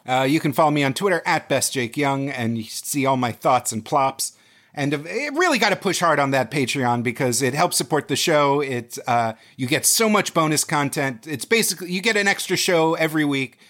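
A man co-hosting a casual podcast, joking in a dry, deadpan way. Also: a little high, normal speed. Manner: dry, jokey, deadpan asides. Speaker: podcast co-host.

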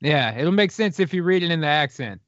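A man's voice: on the high side, expressive, fairly quick, fairly bright tone, no room sound, dull audio. A man guesting on a podcast, bantering with crude, provocative jokes. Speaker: show guest. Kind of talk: casual chat.

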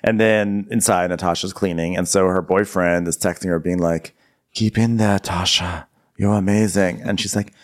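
A man's voice: sits low, brisk. A man co-hosting a podcast, chatting casually and doing campy voices when he quotes people. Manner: animated, puts on campy voices when quoting. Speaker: podcast co-host. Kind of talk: casual recap chat.

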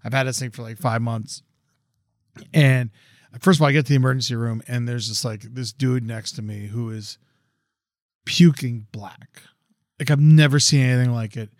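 This podcast co-host has a medium-pitched male voice and a moderate pace broken by long pauses, recorded cleanly in a studio with no echo. He tells a long, casual story full of swearing, animatedly acting out quotes in a raised voice.

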